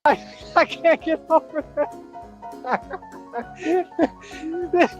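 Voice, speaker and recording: Very high-voiced giggly woman. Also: very slow, highs cut off, faint music behind. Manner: giggly, laughing through nearly every line.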